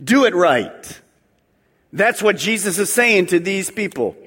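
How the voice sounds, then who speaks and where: A man preaching a sermon as pastor, animated, acting out voices and leading call-and-response. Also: sits high, measured pace, breathy edge. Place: church sanctuary. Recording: long hall reverb.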